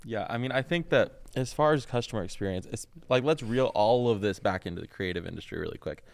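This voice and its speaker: A man's voice: lowish voice, animated, fast talker, gravelly, no room sound. A man co-hosting a podcast in casual chat, rambling and laughing often as he tells stories. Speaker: podcast co-host.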